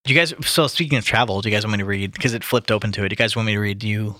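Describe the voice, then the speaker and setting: A man with a bright, forceful, somewhat low voice, chatting casually with friends on a podcast. He is wry and bookish and likes to read literature aloud. The sound is dry and close to the mic. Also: very fast, dry recording. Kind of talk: casual chat among friends.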